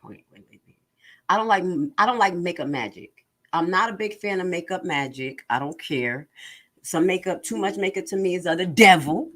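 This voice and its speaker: Animated, sassy woman commentator. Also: lowish voice, normal speed. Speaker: online commentator. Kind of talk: casual livestream commentary.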